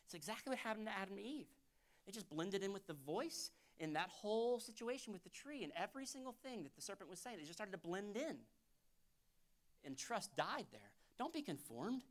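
A pastor delivering a sermon in church, talking conversationally and fervently, dropping to a hush and then rising loud again. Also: male voice, high voice, very animated, brisk. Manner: fervent, conversational preaching that swings from hushed to loud.

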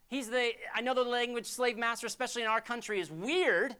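A man's voice: extremely high pitch, brisk, sharp tone, clear, resonant tone. A man preaching a sermon as a pastor, in a conversational, emphatic storytelling way.

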